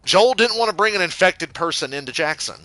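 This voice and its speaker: A man's voice: sits high, expressive, a little fast, sharp tone, dry recording. A man giving casual gameplay commentary, rambling and swearing freely, and getting heated as he goes. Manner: rambling, profane, gets heated. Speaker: let's play gamer.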